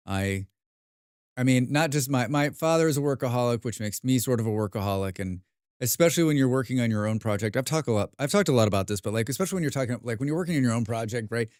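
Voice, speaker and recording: A man's voice: mid-range voice, animated, quick pace, darkish tone, dry recording, studio quality. An American man chatting casually while streaming a game, rambling and swearing with self-mocking asides. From United States.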